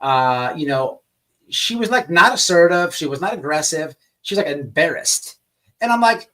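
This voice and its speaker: Animated, profane man hosting a livestream. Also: fairly high pitch, normal speed, distant mic. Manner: animated, profane, rambling storyteller. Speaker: livestream host. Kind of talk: casual livestream chat.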